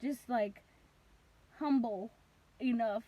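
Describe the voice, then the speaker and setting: A young woman with a high voice tells her story in a casual vlog. She rambles, leans on "like" constantly, and bursts into loud reenacted cries now and then. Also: takes it slowly, highs cut off. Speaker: vlogger.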